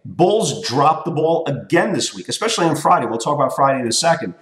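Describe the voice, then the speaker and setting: A man's voice: fairly high pitch, expressive, brisk, a bit bright. A man in his forties giving a market recap as a trading educator, emphatic and repetitive, often checking in with "okay?" and "right?". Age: 40s. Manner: emphatic, repeats points, tags lines with "okay?" and "right?". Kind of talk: weekly market recap talk. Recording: roomy echo.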